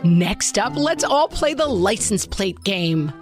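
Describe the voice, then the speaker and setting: A woman's voice: medium pitch, big pitch swings, takes it slowly, music in the background. A woman playing a relentlessly upbeat camp-counselor mom in a comedy sketch. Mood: chipper. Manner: bright, sing-song, drawn out.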